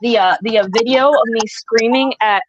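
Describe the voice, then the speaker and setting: A woman's voice: a little high, moderate pace, a little hiss or hum. A woman guest joining a livestream by remote call, talking hurt and defensive. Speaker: stream guest. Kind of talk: emotional livestream talk. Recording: slightly dull remote call audio.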